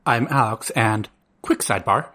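A podcast co-host in casual comedic chat, halting and stacking repeated words. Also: mid-range voice, pushed and bright, a little hiss or hum.

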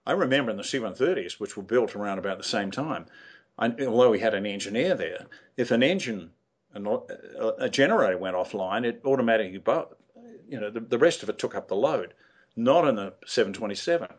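A man's voice: lowish voice, lively intonation, brisk, husky. An older man, a guest telling anecdotes in a rambling, hesitant way with many fillers and restarts. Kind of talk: casual storytelling interview.

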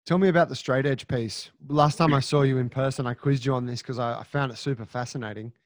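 A man's voice: medium pitch, fairly even intonation, no echo. Curious male interviewer, dry sound. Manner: friendly, curious, halting questions. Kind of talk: casual interview.

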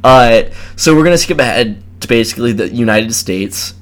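A man's voice: medium pitch, lively intonation, normal speed, fairly bright tone. A man co-hosting a casual podcast, telling a history topic in a rambling way with many fillers and laughs. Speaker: podcast co-host.

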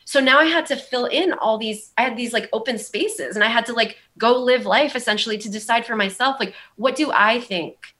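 Young woman with a valley girl accent, bright voice, rambly, lots of likes and ums. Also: on the high side, fairly quick. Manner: rambling, heavy use of "like" and "um". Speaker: guest. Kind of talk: candid conversational storytelling.

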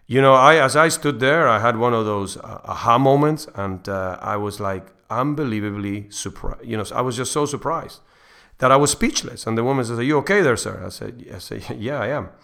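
A man's voice: medium pitch, moderate pace, vocal fry, pushed and bright, clean tone. A middle-aged man hosting a faith podcast, earnestly telling a personal story in a rambling way, with frequent restarts. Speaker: podcast host.

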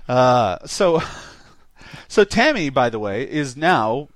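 A man's voice: mid-range voice, slow pace, no echo. A man hosting a casual podcast, recapping a movie with frequent laughter. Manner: laughs often, animated storytelling. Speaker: podcast host reviewing a movie. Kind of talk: casual chat.

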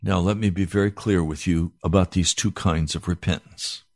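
A pastor telling a personal story in an animated sermon. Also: male voice, deep voice, moderate pace, no echo, studio quality.

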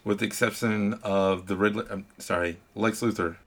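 Gravelly low-voiced man chatting about films. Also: fairly even intonation, fairly bright tone. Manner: earnest, candid, talks in short halting bursts. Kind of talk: casual movie review chat.

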